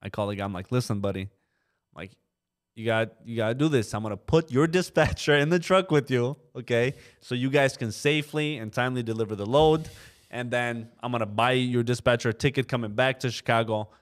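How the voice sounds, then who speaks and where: A young man who co-owns a trucking company tells a story as a guest on a casual podcast, acting out the voices of people he quotes and leaning on fillers like "you know." His voice is mid-range and a little fast.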